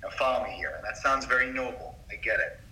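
An earnest middle-aged man speaks with a sharp, tense, very bright voice, confiding and emphatic as he opens up in conversation. He is heard from some way off the mic, and the room around him rings with echo. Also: mid-range voice, expressive, fast talker. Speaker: doctor as podcast guest. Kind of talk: confessional storytelling in a conversation. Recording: roomy sound from a distance off mic.

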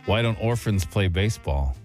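A man's voice: on the low side, animated, moderate pace, soft background music. A man hosting a radio show in a playful, teasing, upbeat way. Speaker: radio host. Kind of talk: casual radio banter.

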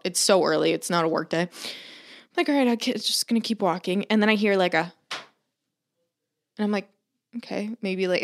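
A young woman co-hosting a podcast tells a story in loose, casual chat. She acts out what everyone said in dramatic little asides and swears without a second thought. Her pitch sits in an ordinary middle range for a woman. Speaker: podcast co-host.

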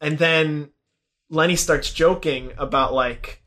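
A man's voice: a little high, slow pace. Young man animatedly retelling a movie. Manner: animated retelling, acting out characters' lines. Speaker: podcast co-host. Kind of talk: casual movie recap chat.

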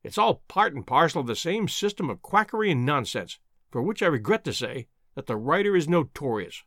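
Guy reading as a bitter sneering old professor, high swingy voice, dry close sound. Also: sing-song, fairly quick, fairly bright tone, dry recording. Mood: scornful. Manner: acid, bitter, dismissive. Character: scornful gaunt elderly male professor.

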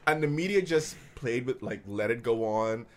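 Guy cohosting a podcast, argues his side at length, gets louder and higher when worked up, mid voice. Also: normal speed. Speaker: podcast co-host. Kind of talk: casual chat.

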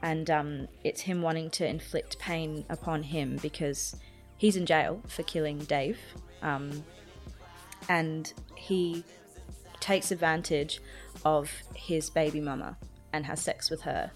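Low-voiced woman unpacking an album, lots of ums, soft music in the back. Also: fairly even intonation, slow pace. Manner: thoughtful, hesitant, many ums. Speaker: podcast co-host. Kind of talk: casual music discussion.

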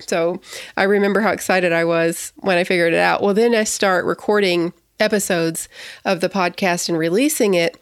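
A woman in her thirties hosting a podcast, chatting in a rambling, excitable way with frequent restarts. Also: lowish voice, moderate pace, dry recording. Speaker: podcast host. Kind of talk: casual podcast chat.

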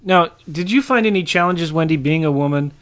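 A man's voice: a little high, fairly quick, fairly bright tone, dry recording. A man hosting an interview, encouraging his guest and laughing along. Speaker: podcast host. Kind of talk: casual interview chat.

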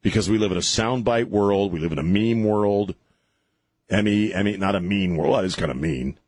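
A man's voice: fairly low pitch, a little fast, a little mellow, breathy edge. A man hosting talk radio, ranting sarcastically through an opinionated monologue and often restarting his sentences.

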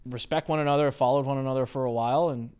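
Male podcast host, mid-range voice, lively storyteller who acts out the dialogue. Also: rapid-fire, clean tone. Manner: animated, acts out quoted exchanges with big pitch jumps. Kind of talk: casual conversational storytelling.

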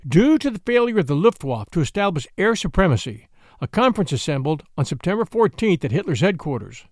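A male history narrator with a high voice reads a script. He explains events and lists figures in a lively, swinging delivery. The recording is dry and close. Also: brisk, no echo. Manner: explanatory, reading out figures and dates. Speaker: history podcast host.

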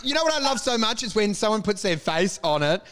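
Give me a man with a high, bright voice co-hosting a casual comedy podcast. He riffs playfully and swears freely, often laughing mid-line. Now and then he breaks into silly made-up jingles. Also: sing-song, quick pace. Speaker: podcast co-host.

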